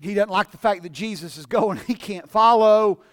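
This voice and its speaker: A man preaching a sermon in a church service, swinging from shouted fervor to low, conversational teaching. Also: normal speed.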